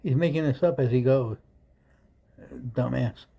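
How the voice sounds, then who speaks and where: A man's voice: medium pitch, a little slow, gravelly, mellow, breathy edge, poor audio. A man commenting over a clip, mocking and insulting the speaker with scorn. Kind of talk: sarcastic commentary.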